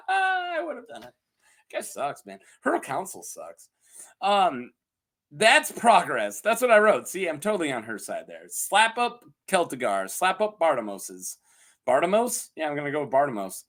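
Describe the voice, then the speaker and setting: A man's voice: fairly high pitch, a bit bright. A man casually recapping a TV episode from a script, joking and laughing often, with lots of ums. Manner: giggly and joking, full of ums and asides. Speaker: TV show reviewer.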